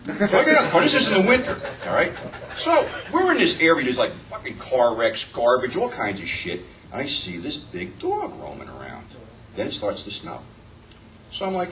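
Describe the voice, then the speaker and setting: Profane, animated man telling stories. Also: fairly high pitch, fairly quick, distant mic, slight background noise. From New Jersey. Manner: profane, animated anecdotes with acted-out quotes. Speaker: panel guest telling stories. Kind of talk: casual convention panel storytelling. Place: convention panel room.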